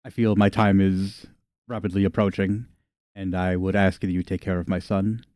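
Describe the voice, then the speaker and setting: A refined and very old woman speaks slowly and softly in a tabletop game, as a man puts her on. The voice is low and mellow. The delivery is gentle and courteous. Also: flat delivery, dry recording, studio quality, close to an everyday voice. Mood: gracious.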